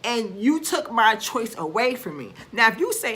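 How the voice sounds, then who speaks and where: A woman's voice: a little high, big pitch swings, moderate pace, few pauses, a bit bright. A woman vlogger ranting to camera in a casual, blunt and profane way, with emphatic bursts and frequent restarts.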